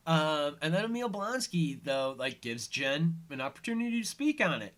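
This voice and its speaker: A man hosting a casual commentary podcast, retelling an episode with lots of fillers and quoted lines. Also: fairly high pitch. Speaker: podcast host.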